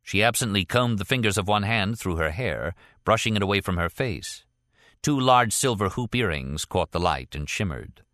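An audiobook narrator reads a novel from a script, using an expressive storytelling style. His voice is lowish and his pace moderate, recorded with clean studio sound and no room echo.

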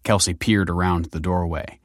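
A man narrating a story in a measured, wry manner. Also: low-pitched, fairly even intonation, no echo, studio quality. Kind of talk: scripted narration.

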